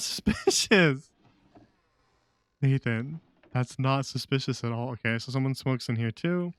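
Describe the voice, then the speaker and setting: A man's voice: medium pitch, clean tone, dry recording. A man streaming a game live, with sarcastic, joking commentary and frequent laughs.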